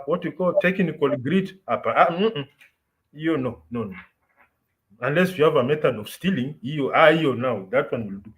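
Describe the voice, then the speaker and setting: On a rough recording, a fairly high-pitched Kenyan man hosts a podcast. His chat is casual and opinionated, and he moves between Swahili and English as he tells his stories.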